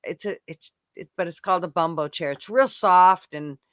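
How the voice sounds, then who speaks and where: Older man, high bright voice, gushing, giggly, rambling livestream host, dry close sound. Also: moderate pace, clear, resonant tone, no echo. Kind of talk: casual livestream chat.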